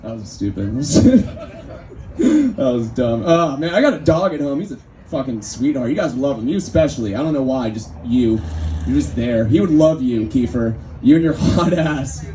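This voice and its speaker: A man's voice: mid-range voice, animated, normal speed, warm tone, slight background noise. A man from Northern California doing a stand-up set in a restaurant, with rambling, conversational crowd work. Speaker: stand-up comedian. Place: restaurant comedy night, indoors.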